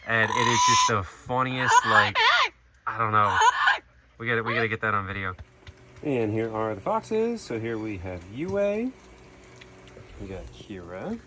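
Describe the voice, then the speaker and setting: A man's voice: on the low side, sing-song, measured pace, long pauses. A man hosting a casual vlog at an animal sanctuary, talking loosely with plenty of "like" and "you know". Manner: chatty, many "like" and "you know" fillers. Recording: outdoor noise in the background.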